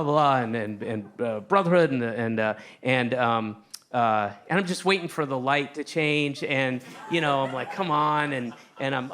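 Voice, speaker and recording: A man doing a stand-up routine, telling a rambling story with lots of restarts and sudden shouted outbursts. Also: medium pitch. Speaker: stand-up comedian. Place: comedy stage with a live audience.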